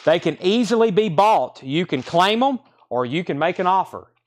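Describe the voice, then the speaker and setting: A man's voice: high-pitched, lively intonation, moderate pace. A man running a live online record sale, rattling off album titles and prices in casual, friendly sales patter and tripping over artist names. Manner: friendly and easygoing.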